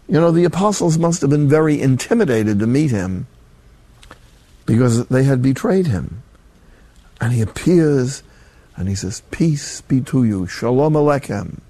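A man's voice: medium pitch, dark tone, no echo. An older man, a Catholic priest, preaching a sermon in a folksy, emphatic way with colloquial asides.

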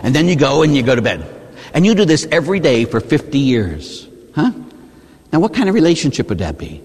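A Catholic priest giving a sermon in a church, telling stories with lively asides and rhetorical questions like "huh?". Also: male voice, on the high side, fairly quick, slightly rough, big-room sound.

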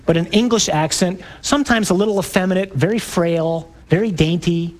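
A man's voice: high voice, brisk. A man who is a priest, giving an emphatic, preacherly parish talk to parents with jokey asides to the audience.

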